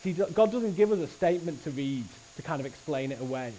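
Male preacher, earnest and lively delivery, voice sits a little high, faint hiss behind. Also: a little fast, low-quality recording. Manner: earnest, animated, with frequent restarts. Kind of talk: sermon. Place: church service.

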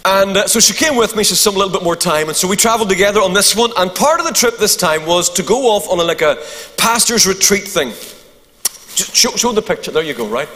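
A man with a Northern Irish accent, a pastor telling a funny story to a congregation in an animated, joking way. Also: high-pitched, long reverb tail. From Northern Ireland. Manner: animated, humorous anecdote with asides to the crowd. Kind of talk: sermon storytelling.

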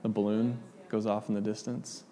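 A man's voice: fairly low pitch, moderate pace. A man giving a casual sermon to a congregation, chatty and laid-back, joking and reading scripture aloud. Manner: relaxed, chatty, laughs easily with the congregation. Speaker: pastor. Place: church hall with audience. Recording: long hall reverb.

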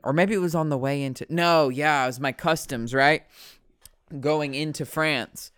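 Smooth-voiced man rambling casually. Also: on the high side, fairly even intonation, unhurried, a bit bright, no echo, studio quality. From United States. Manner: rambling, profane, self-correcting.

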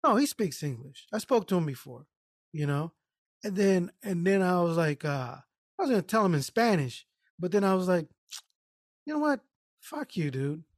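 A man's voice: sits high, moderate pace, no room sound. Profane storytelling man, dry close mic. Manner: profane, animated retelling with quoted voices. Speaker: podcast co-host. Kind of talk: casual storytelling chat.

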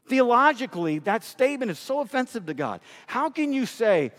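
A man's voice: high-pitched, sing-song, normal speed. Preaching man in a reverberant hall. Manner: preaching with rising emphasis and mock voices. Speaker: pastor. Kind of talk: sermon.

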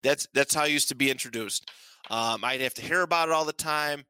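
A man's voice: mid-range voice, fairly quick, sharp tone, clean tone. A man co-hosting a podcast in casual chat, enthusiastic and rambling, laughing often. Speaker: podcast co-host.

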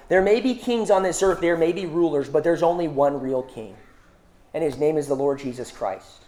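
A young male preacher explains a scripture passage in a relaxed, conversational sermon, leaning on rhetorical questions and casual fillers. His delivery is informal and unscripted, in a slightly high voice at a moderate pace.

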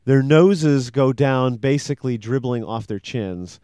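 A man co-hosting a casual podcast who tells a story in a rambling, animated way. His voice sits at a middle pitch. The sound is dry and close. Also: measured pace, smooth, dry recording. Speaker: podcast co-host. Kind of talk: casual chat.

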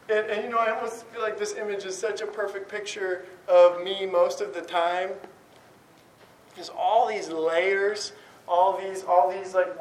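A man giving a conversational sermon, talking candidly in a rambling way with many restarts. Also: sits high. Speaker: speaker giving a talk on prayer. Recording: roomy, distant, faint noise.

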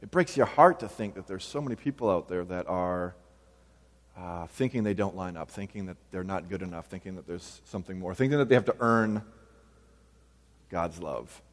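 Pastor, male, 30s, low voice, relaxed storytelling sermon in a reverberant hall. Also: normal speed. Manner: conversational, personal storytelling with frequent fillers.

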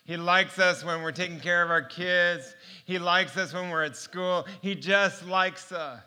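Bright, high-voiced man telling his story. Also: unhurried, clear, resonant tone. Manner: storytelling, laughing often, earnest. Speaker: speaker sharing his testimony. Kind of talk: personal faith testimony.

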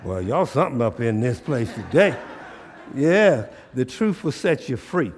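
A man's voice: medium pitch, very animated, measured pace, darkish tone, long reverb tail. A man preaching a sermon in a church, asking rhetorical questions and drawing call-and-response, in casual dialect. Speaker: pastor.

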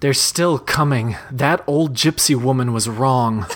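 A man's voice: medium pitch, unhurried, a bit bright, a little hiss or hum, lightly acted. A man reading aloud and voicing a tough middle-aged mother in his own voice, earnest and mock-dramatic.

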